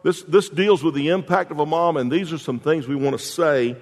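In a large hall, a man with a voice on the high side preaches at a moderate pace. The pastor's sermon is full of folksy storytelling and constant restarts.

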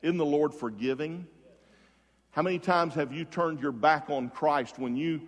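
A man preaching a sermon as pastor, swinging between loud emphasis and hushed softness and repeating words for effect. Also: a little high, a little slow. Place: church sanctuary. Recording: long reverb of a large hall.

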